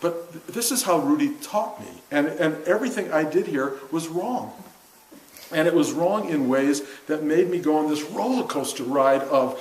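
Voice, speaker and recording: An older man with a fairly high, animated voice at normal speed tells a group a long personal story, poking fun at himself and acting out what people said in a raised voice. The recording has a roomy sound with faint hiss.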